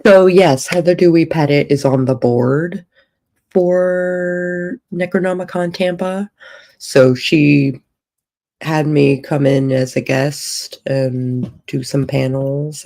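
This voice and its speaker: A woman talks unhurriedly on a casual livestream, rambling as she thinks out loud. Her voice is mellow and relaxed, and she takes her time. She is speaking from a hotel room. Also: very deep voice. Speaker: author and streamer.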